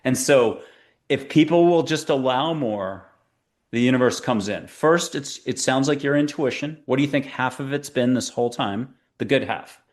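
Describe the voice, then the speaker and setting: A man being interviewed as a spiritual teacher, talking in a chatty, playful way with quick tangents and jokes. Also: mid-range voice. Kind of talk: conversational interview talk.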